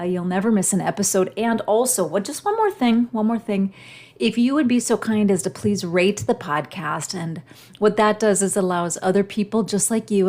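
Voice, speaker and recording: A woman's voice: mid-range voice, darkish tone. A middle-aged woman hosting her own podcast, telling a personal story in a heartfelt, emotional way. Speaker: podcast host.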